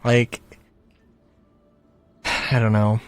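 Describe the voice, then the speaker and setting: A man's voice: medium pitch, completely flat delivery, extremely slow, clean tone, dry recording, faint music behind. A man ranting casually about a game, frustrated and rambling, with many fillers, sighs and short laughs. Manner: laughs between phrases. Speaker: gaming commentator. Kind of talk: casual rant to camera.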